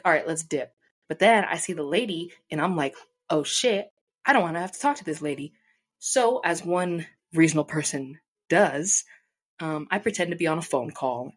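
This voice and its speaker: Low-voiced young woman telling a storytime. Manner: animated, profane, acts out quoted people. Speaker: vlogger. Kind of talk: casual storytime. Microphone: desk mic.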